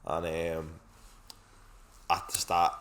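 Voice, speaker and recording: A man's voice: deep voice, flat delivery, takes it slowly, gravelly, a bit bright. A young man in his twenties co-hosting a podcast in casual chat, swearing often and calling his friend "lad". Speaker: podcast co-host. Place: studio set with a couch.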